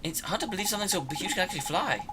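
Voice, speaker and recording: A man putting on a high girl's voice for a bossy, sharp-tongued young companion in a video game. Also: animated, racing, background noise. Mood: scolding. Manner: high put-on girl voice, scolding. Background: game music.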